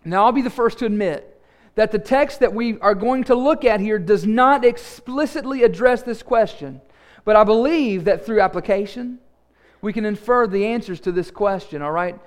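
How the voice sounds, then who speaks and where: Male pastor, high-pitched, earnest emphatic preaching style. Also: moderate pace. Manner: earnest, emphatic, repeats key phrases. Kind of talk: sermon with prayer.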